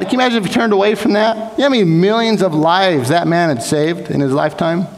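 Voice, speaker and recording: A man's voice: high voice, animated, very fast, hardly any pauses. A young man preaching a sermon in a church sanctuary, earnest and exhorting, sometimes restarting his words. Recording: long hall reverb.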